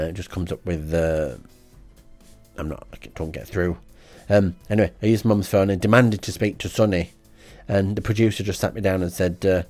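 A man reading out a comic diary in a deadpan, rambling way. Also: lowish voice, no room sound. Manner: deadpan and rambling, with frequent ums. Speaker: comedy podcast host.

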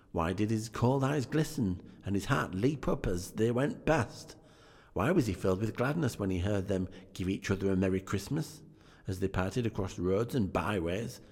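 Low-voiced man casually reading a story. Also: a little mellow, breathy edge. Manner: stumbling, with self-corrections and chatty asides. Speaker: reader. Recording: long hall reverb.

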